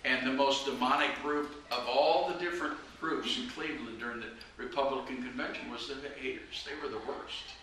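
This is a man's sermon-style testimony from an evangelist, delivered earnestly and urgently as he exhorts the crowd. He talks briskly in a mid-range, sharp-toned voice, captured from a distance in a very reverberant space with faint noise.

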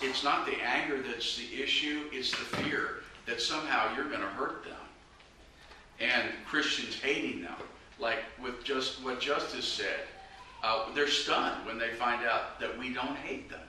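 A man's voice: mid-range voice, bright, forceful tone. Urgent preacher man in an echoey room. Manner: earnest and urgent, exhorting. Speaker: evangelist preacher. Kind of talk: preaching a personal testimony. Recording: very echoey room, mic far off, faint noise.

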